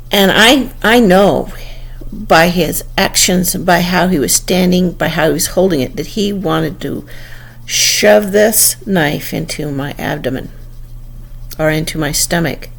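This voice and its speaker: A woman's voice: low voice, creaky. An older woman telling a personal memory in a conversational way, often restarting and quoting dialogue. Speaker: storyteller. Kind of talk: personal storytelling.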